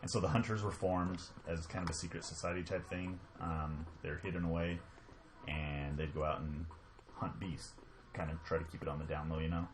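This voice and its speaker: A man's voice: low-pitched, flat delivery, normal speed, background noise. A man chatting casually on a livestream, explaining things in a rambling, easygoing way. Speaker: guest explaining game lore.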